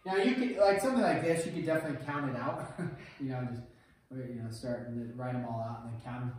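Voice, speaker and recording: A man's voice: mid-range voice, quick pace. A man teaching math to a class in a casual, chatty way, telling a story between examples. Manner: chatty, storytelling, laughs easily. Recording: echoey classroom, distant mic.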